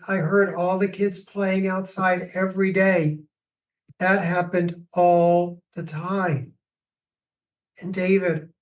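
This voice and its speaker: A man, a grief expert, answering podcast questions with slow, reflective stories. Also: sits high, recorded from a distance. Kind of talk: podcast interview, storytelling answers.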